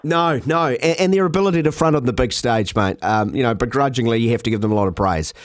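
A man's voice: medium pitch, fast talker, no echo, studio quality. A man with a New Zealand accent hosting talkback radio, easygoing, stumbling over restarts and calling callers mate.

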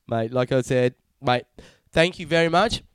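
A man's voice: medium pitch, no echo. A man hosting a podcast interview, chatting in a matey, rambling way with lots of swearing and fillers. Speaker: podcast host. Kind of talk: casual chat.

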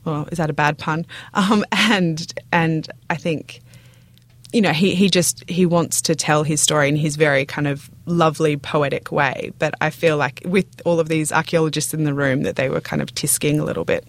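A woman's voice: low-pitched, fairly even intonation, normal speed, no room sound. An Australian woman chatting as a guest on a film review podcast, laughing easily and restarting her sentences. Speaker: guest critic. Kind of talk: casual podcast chat.

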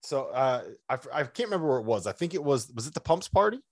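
A man co-hosting a sports podcast, telling stories in a lively, laughing way. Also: mid-range voice, quick pace, dry recording, studio quality. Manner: animated storyteller, laughs often. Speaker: podcast co-host. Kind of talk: casual chat, storytelling.

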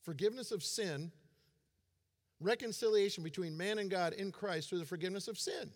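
A man's voice: sits high, a little fast. A man in his forties giving a sermon as a pastor, conversational and self-deprecating in his humor. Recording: long hall reverb.

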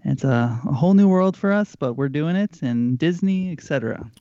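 A man's voice: a little high, lively intonation, moderate pace, dark tone, no room sound, muffled recording. A man co-hosting a trivia podcast, making jokes and puns in casual chat. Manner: joking, pun-making. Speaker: podcast co-host.

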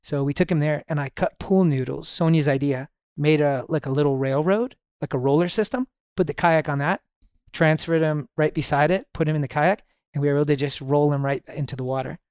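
A middle-aged man, a podcast guest, telling stories in a relaxed way and often saying "you know". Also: a little high, a little fast, clear, resonant tone, no room sound, clean studio sound. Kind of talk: casual storytelling conversation.

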